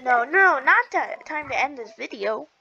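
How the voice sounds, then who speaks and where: A woman chatting casually while playing a video game, excitable and giggly, gasping and stammering as she goes. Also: sits high, normal speed, creaky, lo-fi sound, noisy background. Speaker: gaming video host. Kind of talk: casual gameplay chat.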